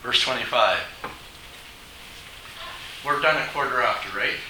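A man's voice: medium pitch, unhurried, bright, forceful tone, recorded from a distance, slight background noise. A man preaching a sermon to his congregation, emphatic and asking them rhetorical questions. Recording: echoey hall.

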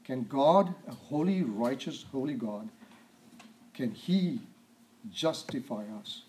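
A man preaching a sermon, stressing and repeating key words and often clearing his throat. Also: mid-range voice, lively intonation, slow pace, warm tone, a little hiss or hum, rough recording.

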